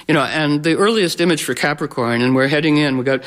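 A man gives an informal astrology talk to a live audience, playful and rambling, full of fillers, restarts and sudden animated voices. He speaks quickly, with a voice on the high side.

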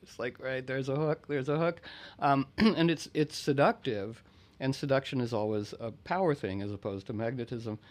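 A man's voice: mid-range voice, normal speed. Reflective man hosting a conversation. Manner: discursive, reflective, often clears throat. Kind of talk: casual conversation.

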